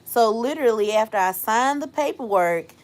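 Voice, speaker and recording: Woman host, live-stream storyteller; very lively, sing-song pitch, quick to laugh, mimics the people in her story. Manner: animated, laughs often, acts out quoted voices. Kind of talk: casual storytelling to a live chat.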